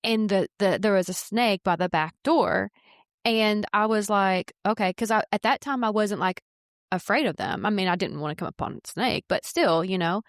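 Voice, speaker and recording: Animated woman realtor in a dry close sound. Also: mid-range voice, normal speed, no room sound. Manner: animated, rising to excited bursts when telling a story. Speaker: realtor and podcast co-host. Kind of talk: casual chat, telling anecdotes.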